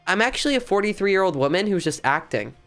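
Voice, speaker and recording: A woman's voice: medium pitch, very animated, quick pace, a bit bright, soft background music. A young woman streaming from her bedroom, chatting casually with a hyper, playful, mock-dramatic manner. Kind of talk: casual live-stream chat. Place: bedroom at home.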